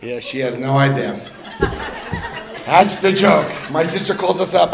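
A man's voice: unhurried, gravelly, long pauses. A middle-aged man telling funny personal stories to an audience at a recovery meeting, chatty and rambling, with fillers and restarts. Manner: jumps into high put-on voices when quoting others. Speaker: speaker sharing his story at a recovery meeting. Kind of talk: humorous personal storytelling to an audience.

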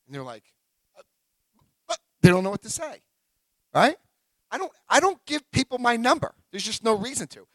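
A man speaking to a recovery meeting group, telling lively stories with loud bursts, muttered asides and crude humor. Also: very high-pitched, brisk, no echo. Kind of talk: animated talk to a group.

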